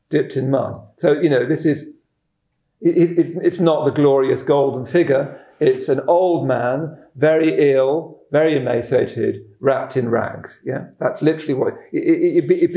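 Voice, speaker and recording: A man's voice: medium pitch, gravelly, mellow. Man, telling a dharma talk. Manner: halting, repeats words, chuckles at his own stories. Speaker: Buddhist teacher. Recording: roomy echoing room.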